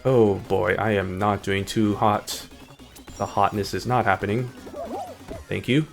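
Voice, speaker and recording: A man's voice: on the low side, fairly even intonation, a little slow, creaky, soft background music. A man streaming a game, chatting in a hyper, rambling way that jumps between topics. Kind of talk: casual gaming stream chat.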